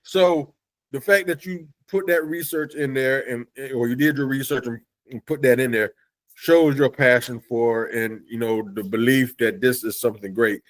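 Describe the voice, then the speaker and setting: A man hosting an interview show who talks with enthusiasm and stumbles over his words as he praises his guest's comic. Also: medium pitch. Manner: enthusiastic, halting with restarts. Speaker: podcast host. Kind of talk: casual interview chat.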